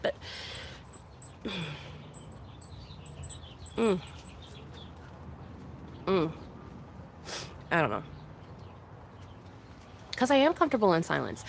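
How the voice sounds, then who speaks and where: A woman's voice: a little high, a bit bright. A woman ranting casually to her viewers, exasperated, swearing constantly and restarting her sentences. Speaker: streamer. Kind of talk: casual venting monologue.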